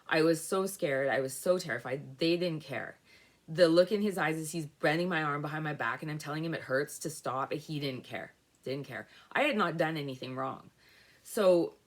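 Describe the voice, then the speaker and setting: A woman's voice: low voice, a bit bright. A woman telling a personal story on camera in a rambling, emotional way, with many fillers and restarts.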